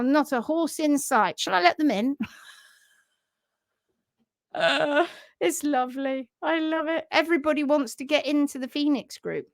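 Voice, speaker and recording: A woman hosts a casual live stream about horse care, chatty and quick to giggle. Her voice is high and bright in tone. The sound is close and dry. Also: no room sound.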